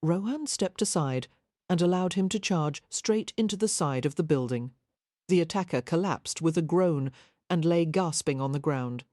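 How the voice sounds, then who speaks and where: Female narrator, measured reading, mellow and low. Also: expressive, no echo, clean studio sound. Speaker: audiobook narrator. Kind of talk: scripted narration.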